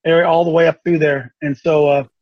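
A man from Ohio hosting a casual broadcast, folksy and excitable, repeating himself as he makes announcements. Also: on the high side, fast talker. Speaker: host. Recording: dull lo-fi sound.

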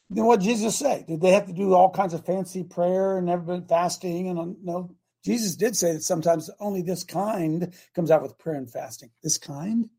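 An older man hosting a casual morning show, preaching in a folksy, emphatic way and swinging from loud declarations to quiet asides. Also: high-pitched, fairly quick, gravelly, husky. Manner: folksy, emphatic, rises and drops loudness for effect. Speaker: host.

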